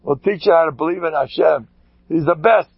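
A man, a rabbi, giving a lively storytelling Torah talk, acting out quotes and sprinkling in Yiddish and Hebrew words. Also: on the high side, fairly quick, creaky, slightly rough, no room sound. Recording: dull lo-fi recording.

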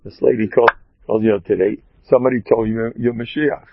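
A man, a rabbi, telling a story in an animated way and mixing in Hebrew and Yiddish terms. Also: fairly low pitch, quick pace, no room sound, phone-quality sound. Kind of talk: storytelling talk.

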